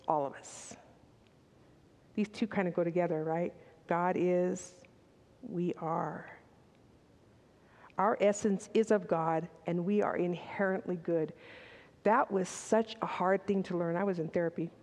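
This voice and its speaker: An older woman speaks at a church service, delivering a candid, conversational sermon full of personal asides and restarts. Her voice is medium-pitched and dark, with long reverb from a large hall.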